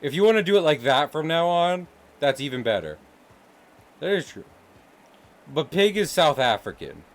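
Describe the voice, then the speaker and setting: A man's voice: on the high side, big pitch swings, normal speed, pauses often. A man streaming while he draws, chatting casually with viewers in a playful, joking way and laughing often. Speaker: live streamer and artist. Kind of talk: casual live-stream chat while drawing.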